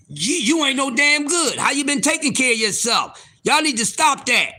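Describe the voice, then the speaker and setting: A man in his fifties hosting a live stream, ranting loudly and profanely at his viewers in disbelief. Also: extremely high pitch, big pitch swings, normal speed. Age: 50s. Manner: loud, profane, incredulous ranting. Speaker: livestream host.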